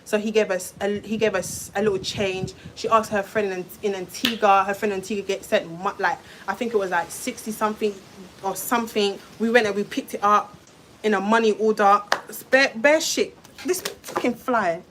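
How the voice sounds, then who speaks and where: A woman's voice: mid-range voice, fairly even intonation, brisk, noisy background. Chatty young woman. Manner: chatty, swears, lots of fillers and restarts. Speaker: vlogger telling a story. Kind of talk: casual storytime.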